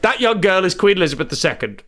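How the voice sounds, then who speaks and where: A man's voice: sits high, sing-song, fast, bright, forceful tone. A man co-hosting a comedy podcast, reading an article aloud in a mock-serious way and breaking off into sarcastic asides.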